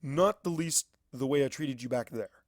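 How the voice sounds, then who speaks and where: A man's voice: medium pitch, moderate pace, no room sound, clean studio sound, lightly acted. A man voicing a proud but weary male unicorn wizard in a fanfic audiobook reading, earnest and apologetic. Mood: pleading.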